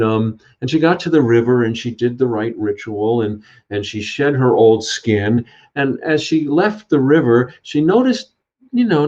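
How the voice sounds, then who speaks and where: A man's voice: mid-range voice, darkish tone. A man telling an old folk tale and reflecting on it, speaking unhurriedly with many fillers and restarts. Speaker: storyteller and speaker. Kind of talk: reflective spiritual talk. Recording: dull lo-fi sound.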